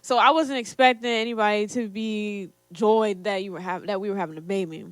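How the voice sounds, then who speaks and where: A woman's voice: medium pitch, fairly even intonation, brisk, no room sound. A young woman in her twenties, co-hosting a podcast and telling a personal story in casual chat, laughing often. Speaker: podcast co-host.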